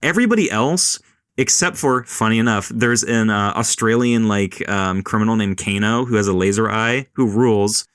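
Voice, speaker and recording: A man's voice: on the low side, normal speed, a bit bright, clean tone, no room sound, studio quality. Rambling, swearing podcast host man. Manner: rambling, swears a lot, mimics voices. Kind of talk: casual chat.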